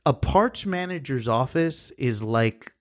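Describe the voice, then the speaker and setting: A man's voice: medium pitch, slow pace. A man casually telling a story about his work as a service advisor, acting out the dialogue with lots of energy. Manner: animated, acts out quoted dialogue, swears casually. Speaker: podcast guest, former service advisor.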